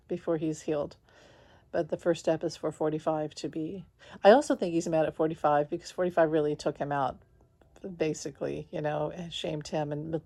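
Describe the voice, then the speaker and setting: Low-voiced woman rambling in a vlog. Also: warm tone. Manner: rambling, heavy on "like" fillers, laughs between thoughts; talks lying down. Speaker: spiritual vlogger. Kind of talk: casual confessional vlog. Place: at home.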